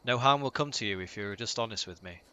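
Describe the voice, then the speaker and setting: A man's voice: fairly low pitch, quick pace, bright, forceful tone, slight background noise. A man playing a tabletop game, speaking sternly and earnestly in character. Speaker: player.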